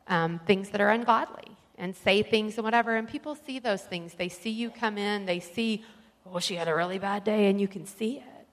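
A woman's voice: mid-range voice, a bit bright. A woman sharing a personal testimony with a church group, earnest and rambling, with fillers along the way. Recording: long reverb of a large hall.

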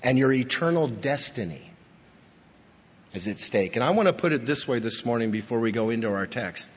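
A man preaching a sermon in a church, his husky voice carrying a long hall reverb. He is emphatic, pushing up to stress points and sinking low after them. The recording sounds dull and lo-fi. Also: animated, moderate pace. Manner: emphatic, rising to stress key points then dropping low. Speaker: pastor.

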